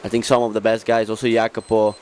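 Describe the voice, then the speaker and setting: A man co-commentating live on a sports event, relaxed and plain-spoken. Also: lowish voice, quick pace. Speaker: co-commentator, athlete. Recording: faint outdoor noise.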